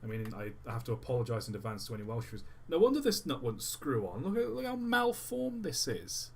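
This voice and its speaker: A man talks casually on a live stream as he tinkers with a build. He rambles and breaks off mid-thought, his pitch sitting in an ordinary middle range. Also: huge pitch swings, a little fast, gravelly, breathy edge. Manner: rambling, distracted, thinks aloud mid-task.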